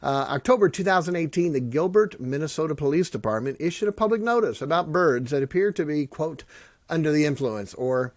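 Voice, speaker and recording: Guy hosting his podcast, middle-aged, jokey and sarcastic, goes quiet and earnest then loud, dead dry sound. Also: on the high side, lively intonation, a little fast, no room sound. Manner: joking, sarcastic, swings from loud bits to soft earnest talk. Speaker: podcast host and pastor. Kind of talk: casual podcast monologue.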